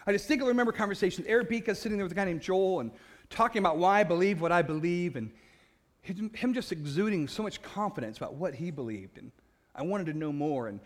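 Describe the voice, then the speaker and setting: A man giving a personal faith testimony, an animated storyteller who laughs at himself and trips over repeated words, passionate and loud by his own account. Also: high-pitched, quick pace.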